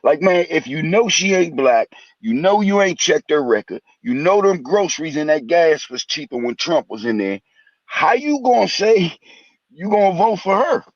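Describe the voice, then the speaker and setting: High, animated man on muffled audio. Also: normal speed, no room sound. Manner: animated, profane, says "man" a lot. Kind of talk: casual chat.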